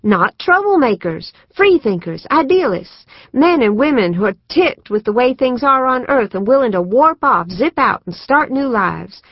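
A woman voicing an excitable, idealistic younger sister who talks in an earnest, insistent way. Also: a little high, normal speed, few pauses, dry recording, voice pushed up. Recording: dry, slightly muffled studio recording.

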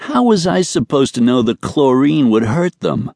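A man's voice: medium pitch, sing-song, moderate pace, gravelly, a little mellow, dry recording, voice pushed up. A male audiobook narrator voicing a sulky seven-year-old boy with a glum, whiny way of talking. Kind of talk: audiobook character voice. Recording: dry studio recording.

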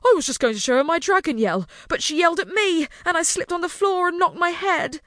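A woman voicing a boisterous young prince boy in a storybook, talking in a hurried, excited way. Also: extremely high pitch, no room sound, studio quality, voice pushed up.

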